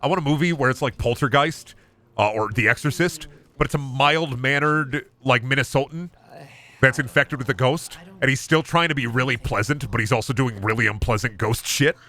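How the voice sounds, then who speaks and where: A man's voice: mid-range voice, moderate pace, bright, forceful tone. A man streaming a video game, chatting in a goofy, crude, joking way. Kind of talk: casual gaming stream chat.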